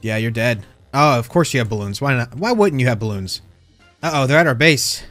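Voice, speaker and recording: A slightly fast, medium-pitched male voice with no room sound and faint music behind. He's a gaming YouTuber giving casual commentary, teasing fellow players and yelping in sudden excitement.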